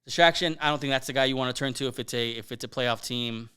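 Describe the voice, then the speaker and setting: A man's voice: medium pitch, quick pace, pushed and bright, clear, resonant tone. A man hosting a casual sports podcast, conversational and thinking aloud. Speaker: podcast host.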